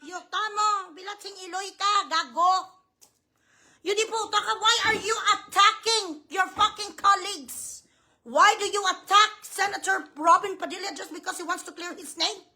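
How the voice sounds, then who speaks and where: A woman's voice: extremely high pitch, moderate pace, bright, forceful tone. A woman with a Filipino accent, delivering a furious, profane, accusing political rant. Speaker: vlogger.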